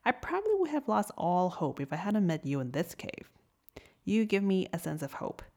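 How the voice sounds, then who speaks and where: A woman voicing a tiny, gentle male shrimp in a storybook tale, polite, timid and sweet. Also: fairly low pitch, wildly swooping pitch, normal speed, full character voice. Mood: earnest.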